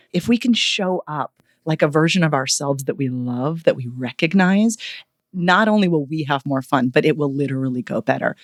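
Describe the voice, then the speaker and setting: Animated woman vocal coach, lively pitch. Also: no room sound, clean studio sound. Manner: expressive, animated, playful ironic asides. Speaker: vocal coach and author, guest. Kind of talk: podcast interview.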